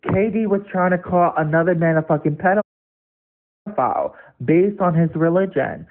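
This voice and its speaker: A young man telling the story of an online dispute in an angry, profane, rapid rant. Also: a little high. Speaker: online debater. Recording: tinny phone-like audio.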